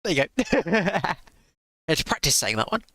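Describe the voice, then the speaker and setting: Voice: medium pitch, big pitch swings, moderate pace, a bit bright, no echo. A streamer giving sarcastic live reaction commentary into a close desk mic, swearing freely.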